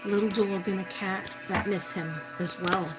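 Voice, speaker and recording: A woman's voice: medium pitch, fairly even intonation, moderate pace. A woman psychic medium doing a livestream reading, calling out to a missing person and repeating his name as she searches. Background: music.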